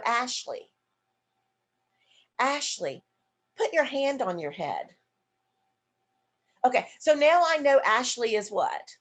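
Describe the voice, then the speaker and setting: A woman nurse educator teaching an online seminar, acting out example questions and answering her own questions as she explains. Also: on the high side. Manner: demonstrative, acts out example questions to a partner. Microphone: video call.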